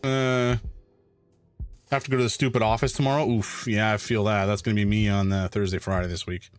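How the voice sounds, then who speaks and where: A man's voice: fairly low pitch, level tone, brisk, clean tone, faint music behind. A man streaming a game, chatting casually and wryly with his viewers. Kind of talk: live game commentary.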